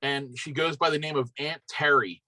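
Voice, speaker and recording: Middle-aged Philly-accent man, bright voice. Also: on the high side, fairly even intonation, normal speed, dry recording. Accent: Philadelphia. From Pennsylvania, near Philadelphia. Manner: rambling, loose, lots of fillers and asides. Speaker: podcast guest. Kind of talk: casual chat.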